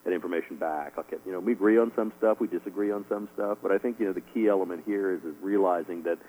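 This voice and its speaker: A man's voice: low voice, fast talker, warm tone, a little hiss or hum, rough recording. A middle-aged man being interviewed as an author, rambling with lots of fillers and chuckling often. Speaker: author guest. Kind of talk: casual radio interview answers.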